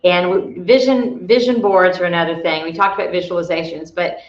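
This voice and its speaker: A woman's voice: on the low side, steady tone, a little fast. Chatty woman leading a workshop. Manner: chatty, storytelling, restarts often. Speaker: workshop leader. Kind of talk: motivational workshop talk. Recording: roomy, dull audio.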